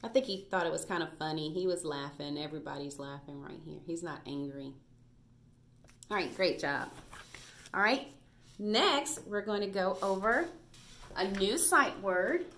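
A woman's voice: fairly low pitch, normal speed, pauses often, a bit bright, slight background noise. A woman teaching a recorded reading lesson to first graders, patient and praising as she spells out letters.

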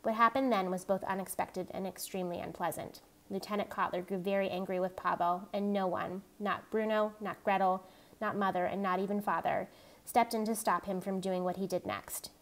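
A woman reading a novel aloud in a steady, even narrating voice. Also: mid-range voice, brisk. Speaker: reader.

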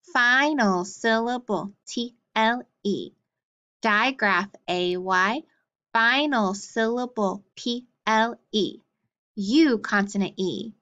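Female phonics teacher, slow and deliberate, sounds out each syllable; muffled lo-fi recording. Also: mid-range voice, a bit bright. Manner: sounds out words syllable by syllable, drilling letter cards.

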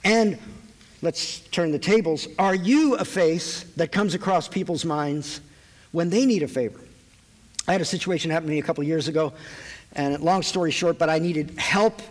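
A man preaching a sermon with animated storytelling, acting out voices in a church hall. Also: a little high. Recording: echoey hall.

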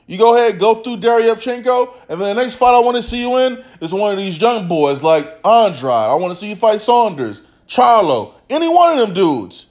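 A man's voice: sits high, very animated, normal speed, few pauses, a little mellow. A man who runs a boxing channel, ranting casually in slangy, profane, mocking talk. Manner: reads a quote aloud in a stilted voice. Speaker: boxing commentary vlogger. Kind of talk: casual rant to camera.

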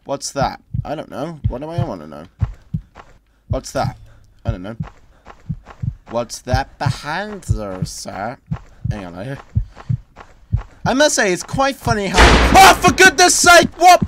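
A man's voice: medium pitch, huge pitch swings, slow, long pauses, a little hiss or hum. A man commenting on a horror game as he plays, grumbling sarcastically and breaking into sudden screams. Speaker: gameplay commentator.

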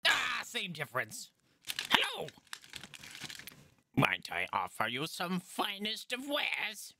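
A man's voice: sits high, wildly swooping pitch, slow pace, gravelly, noisy background, pitched above the performer's own voice, heavily acted. A man voicing a scheming male red goblin merchant with fawning sales patter. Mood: salesy.

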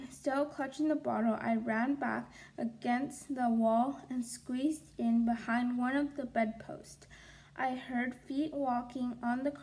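A woman reads a children's novel aloud at an unhurried pace. Her voice sits fairly high, and she reads carefully, sometimes repeating a word. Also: a little mellow. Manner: slow, careful reading with small restarts. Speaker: storybook reader.

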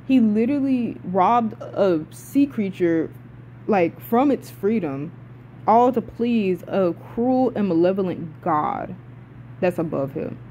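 A young woman excitedly reviewing video game characters in a casual, rambling, profane way, often cutting herself off mid-sentence. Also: fairly low pitch, muffled recording, a little hiss or hum. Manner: excitable, rambling and profane, with frequent swearing and self-interruptions.

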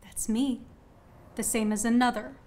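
An actress playing an indignant young actress on a film set who lectures a castmate in a pointed way. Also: female voice, on the high side, fairly even intonation, a little slow, darkish tone, slight background noise, lightly acted. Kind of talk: student film acting.

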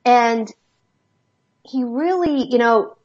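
A woman's voice: on the high side, slow, a little mellow, dull audio. A woman speaking as an addiction specialist guest, telling stories candidly and bluntly. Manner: blunt, emphatic. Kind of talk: candid interview storytelling.

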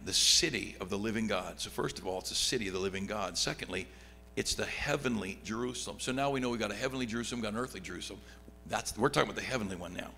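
A middle-aged pastor teaching a Bible study, reading scripture aloud and swinging from loud excitement to quiet asides. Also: male voice, mid-range voice, creaky. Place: church sanctuary. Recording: long hall reverb, faint background hum.

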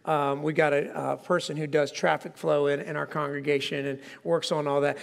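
A pastor delivering a sermon to his congregation, talking in a relaxed, conversational way and poking fun at himself. His speaking voice sits quite high for a man. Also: normal speed, gravelly, few pauses. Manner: conversational, self-deprecating, asks the congregation questions. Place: church sanctuary before a congregation.

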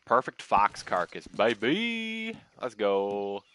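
A man's voice: fairly low pitch, expressive, moderate pace, pushed and bright, slight background noise. A man streaming a game live, chatting casually, swearing and talking to the animals on screen. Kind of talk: live gameplay commentary.

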